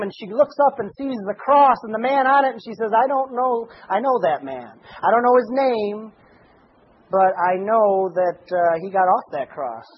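A man with a high voice preaches a sermon, reading scripture aloud and surging into shouts on the phrases he wants to land. Between passages he drops into folksy asides and restarts. The recording is a little dull, with a faint hiss behind him. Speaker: pastor.

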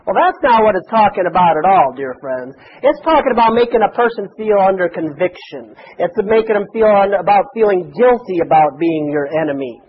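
A man's voice: sits high, expressive, brisk, few pauses, muffled recording. A man preaching a sermon to a congregation in a folksy, conversational way, with chatty asides. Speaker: pastor.

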